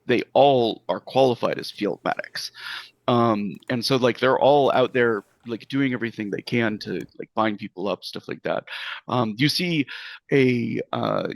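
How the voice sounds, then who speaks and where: Rambling male game master, gravelly. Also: mid-range voice, measured pace, no echo. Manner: rambling, full of fillers. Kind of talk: narrating a tabletop game.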